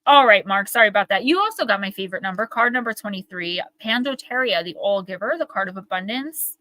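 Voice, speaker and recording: A woman's voice: medium pitch, lively intonation, fast, sharp tone, low-quality recording. A young woman hosting a live oracle card reading, talking in a rambling, earnest, emotional way. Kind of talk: live-stream card reading, casual chat. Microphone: live-stream microphone.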